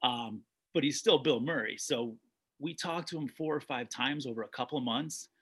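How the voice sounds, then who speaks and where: A man's voice: mid-range voice, normal speed, fairly bright tone, breathy edge. A man, a documentary director, telling stories in a casual interview, rambling with frequent restarts.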